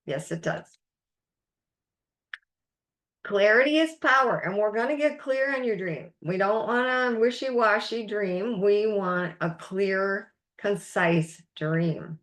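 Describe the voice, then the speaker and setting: A woman life coach leads a recorded masterclass at an unhurried pace. Her pitch sits mid-range for a woman. She encourages her listeners and leans on the words she wants to stress. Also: a bit bright. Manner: slow, encouraging, emphatic teaching with quotes.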